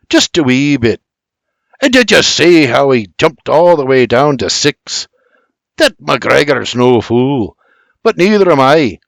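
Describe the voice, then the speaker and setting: A crafty bootlegger full of swagger, as a man puts him on for an audiobook, rolling out a broad brogue. His voice sits a little above an ordinary man's speaking pitch and swoops lively over each sly boast. It sounds dry and close, with no room around it. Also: creaky, no room sound. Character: crafty Scottish-tongued male bootlegger, boastful.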